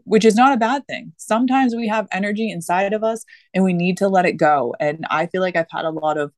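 A woman's voice: medium pitch, fairly quick, few pauses, no echo. Woman guest in her 30s, casual and earnest, rambling chat, dry close sound. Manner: earnest, rambling, many fillers and restarts. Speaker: podcast guest. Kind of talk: casual conversation.

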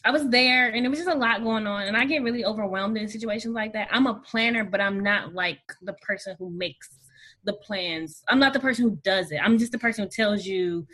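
A woman's voice: medium pitch, brisk, sharp tone. A woman guest, a bride, talking casually and laughing often on a podcast. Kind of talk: casual conversation.

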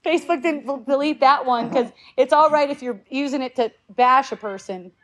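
A woman's voice: high voice, moderate pace. A woman in her fifties talking casually to a group, rambling with restarts, swearing freely and laughing often. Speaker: speaker in a group talk.

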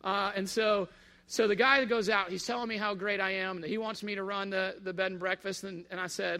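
A man tells a story from his past in a casual, lively way and slips into the voices of the people he quotes. His voice sits high, with a strong gravelly fry and a bright, edgy tone. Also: fairly quick. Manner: animated, acts out quoted dialogue. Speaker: speaker telling a personal story.

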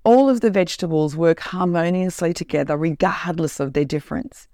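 A woman who is a corporate trainer and podcast host, telling a story in an animated, emphatic way in a casual monologue. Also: lowish voice, brisk, no echo, clean studio sound.

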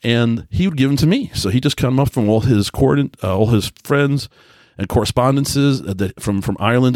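A man's voice: medium pitch, animated, brisk, darkish tone, no echo, studio quality. A man in his forties hosting a solo podcast, telling loose, self-deprecating stories with many restarts and filler words. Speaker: podcast host. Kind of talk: casual solo podcast monologue.

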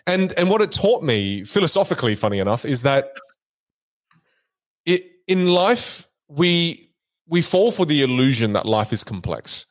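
A man's voice: on the high side, measured pace. A man, a magician and keynote speaker, chatting casually on a podcast and telling stories with lots of energy. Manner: animated storyteller, repeats words when excited.

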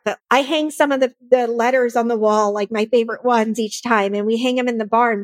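A woman's voice: on the high side, no echo. A woman in her thirties, a nonprofit founder speaking as a podcast guest in a casual, earnest and emotional way. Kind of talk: casual interview chat.

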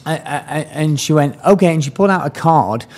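An English man co-hosting a podcast, telling a story in a lively way with laughs and stammered restarts. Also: fairly high pitch, fairly quick. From England. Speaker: podcast co-host. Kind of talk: casual storytelling chat.

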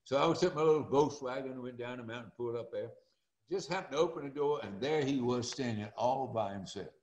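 An older man, telling stories in a folksy, animated way as an interview guest. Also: medium pitch, a little fast, roomy sound, highs cut off. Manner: folksy and animated, acts out quoted voices. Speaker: interview guest, former speaker and coach. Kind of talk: storytelling interview.

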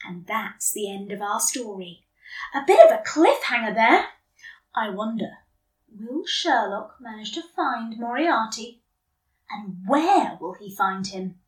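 A woman hosting a children's podcast, reading a story aloud in a gentle, animated way. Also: a little high, takes it slowly, roomy sound, recorded from a distance. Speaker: podcast host. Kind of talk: kids' podcast narration.

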